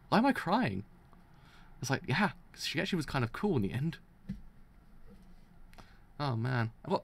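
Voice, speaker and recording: Excitable young man with a dry, sore throat. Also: medium pitch, vocal fry. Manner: excitable, swears, repeats and restarts. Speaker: streamer. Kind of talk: live reaction and discussion.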